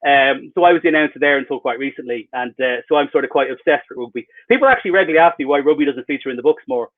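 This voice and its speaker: A man, an author, gives rambling, wry and self-mocking answers in a casual interview over a video call. His mid-range voice races along, heard over a tinny, phone-like call line.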